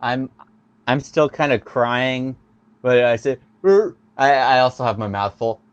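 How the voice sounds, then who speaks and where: Player, man, slow gentle stammer, dull lo-fi mic. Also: mid-range voice, steady tone, clean tone, dry recording. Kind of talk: playing a tabletop game.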